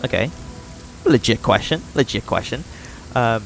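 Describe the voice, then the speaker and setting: A man's voice: medium pitch, animated, normal speed, long pauses, a bit bright, soft background music, low-quality recording. A man streaming live gameplay, chatting casually and laughing at himself while reading game dialogue. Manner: laughing, self-deprecating.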